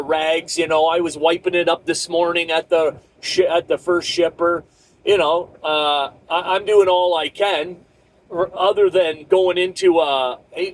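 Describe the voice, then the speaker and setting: A man's voice: sits high, low-quality recording. A middle-aged man, a truck driver, telling a frustrated, profane and rambling story about a bad day hauling freight. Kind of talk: casual ranting vlog.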